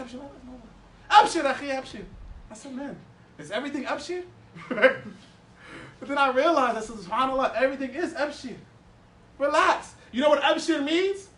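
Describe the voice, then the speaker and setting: A man teaching a lively religious class to a live audience, animated and playful, repeating words for emphasis and quizzing his listeners. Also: very high voice. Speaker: Islamic teacher giving a class. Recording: echoey room, voice from a distance.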